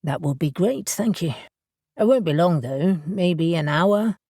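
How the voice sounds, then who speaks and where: A curt, proud male boss from an audiobook, as a woman reads him in a lowered voice. His clipped lines sound close and dry, without any room around them. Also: expressive, unhurried, dark tone, no echo. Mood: guarded.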